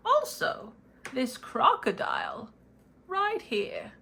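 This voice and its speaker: A woman's voice: sits high, huge pitch swings, takes it slowly, gravelly, pushed and bright, a little hiss or hum, pitched above the performer's own voice, heavily acted. A woman voicing a cheerful, rambling male wizard puppet in a playful tarot reading, with a theatrical manner that slips into a posh put-on accent.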